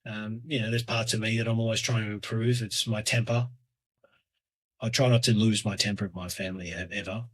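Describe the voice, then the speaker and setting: A man in his thirties hosting a solo podcast, talking in a hesitant, reflective way with lots of fillers and restarts, often trailing off quietly. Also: on the low side, fairly even intonation, brisk, husky. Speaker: podcast host.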